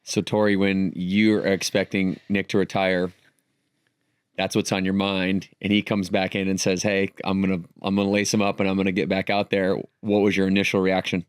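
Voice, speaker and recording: A male podcast host asks thoughtful, supportive questions in a low, level voice. His tone is smooth and clear, recorded close and dry. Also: completely flat delivery, moderate pace, no echo. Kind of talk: interview questions.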